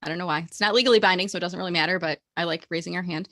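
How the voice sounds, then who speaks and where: A woman's voice: fairly low pitch, very fast, bright, forceful tone, no echo, studio quality. A woman hosting a job seeker video meeting, encouraging and upbeat, leading a call-and-response mantra and giving motivational coaching.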